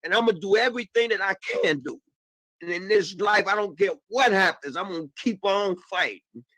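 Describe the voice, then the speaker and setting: Impassioned high-voiced man testifying. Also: moderate pace, sharp tone, dry recording, rough recording. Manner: emotional, repetitive, calls out "man" and "y'all". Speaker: panelist sharing personal testimony.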